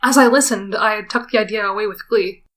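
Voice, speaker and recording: A woman's voice: mid-range voice, quick pace, fairly bright tone. A woman reading a visual novel aloud and breaking off for wry, self-conscious comments. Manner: wry, self-conscious asides between read lines. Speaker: let's player.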